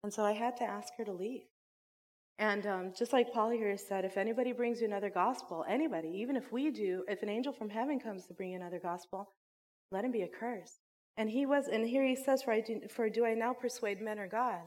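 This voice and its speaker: Animated woman telling a sermon story. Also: mid-range voice, a little fast. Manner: animated storytelling, laughs often. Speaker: Bible teacher and school director.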